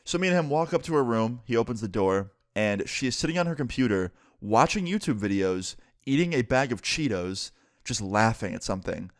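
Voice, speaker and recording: A man's voice: medium pitch, expressive, brisk, no room sound, studio quality. A young man telling a story in a vlog, talking casually and swearing freely. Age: young adult.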